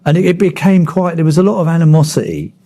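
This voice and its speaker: Blunt man with a husky voice. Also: a little high, very animated, quick pace, warm tone. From Kent, England. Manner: blunt storytelling, swears freely. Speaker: interviewee, former miner. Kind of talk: oral history interview.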